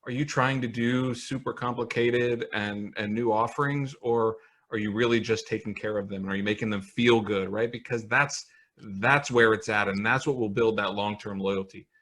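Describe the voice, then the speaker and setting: Bright, forceful male podcast co-host. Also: on the low side, steady tone, moderate pace. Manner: enthusiastic, repeats himself, joking. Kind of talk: casual podcast chat. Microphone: video call.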